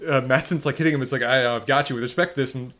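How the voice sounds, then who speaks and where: A man's voice: medium pitch, fairly even intonation, rapid-fire, fairly bright tone. A man co-hosting a podcast, analysing an episode in casual chat with frequent restarts. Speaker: podcast co-host.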